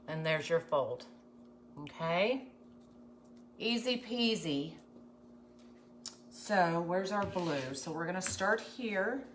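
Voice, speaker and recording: A woman's voice: lowish voice, animated, slow, long pauses, slight background noise. A woman hosting a live craft tutorial, chatting folksily with viewers as she works. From USA. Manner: chatty, folksy, talks to viewers while working. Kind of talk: live craft demonstration chat.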